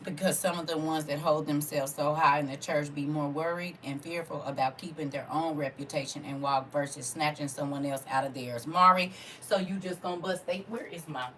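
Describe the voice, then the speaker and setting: A woman's voice: low-pitched, fairly even intonation, fairly quick, hardly any pauses, a bit bright, a little hiss or hum. Fervent woman preacher, distant mic. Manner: fervent, rhetorical questions, vernacular. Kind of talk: informal preaching to a congregation.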